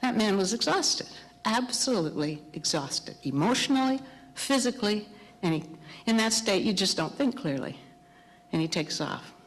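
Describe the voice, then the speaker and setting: A middle-aged woman preaching a sermon, telling a story with animated, acted-out dialogue. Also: mid-range voice, normal speed. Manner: animated storytelling, acting out dialogue in raised voices. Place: church sanctuary. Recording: long hall reverb.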